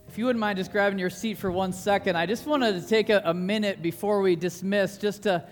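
A man's voice: sits high, fairly quick, few pauses, faint music behind. A male pastor preaching a sermon to his congregation in a casual, enthusiastic way, often asking the listeners questions. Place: church service.

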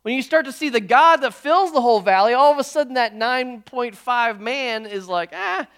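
A male pastor delivering a sermon in a conversational style, full of quick restarts and jokey asides to his congregation. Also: extremely high pitch, smooth. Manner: lively conversational preaching with frequent restarts.

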